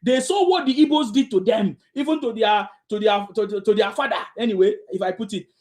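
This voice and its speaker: Male host, high and fast, lecturing and confrontational in a live debate. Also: a little mellow. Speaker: host of a live audio talk room.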